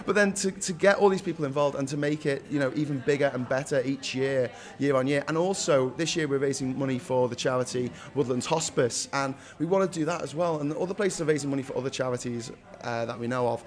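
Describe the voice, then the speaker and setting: A man's voice: medium pitch, quick pace, hardly any pauses. A young man with a Liverpool accent, chatting upbeat in an interview and laughing often. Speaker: founder of a local food day. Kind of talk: casual interview.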